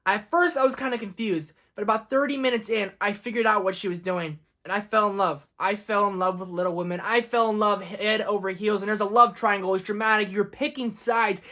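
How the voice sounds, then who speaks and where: Young male film vlogger, effusive and emphatic, high-pitched with a sharp, bright tone. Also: a little fast, few pauses. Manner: gushing, excitable, emphatic. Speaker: film reviewer. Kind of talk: casual movie countdown vlog.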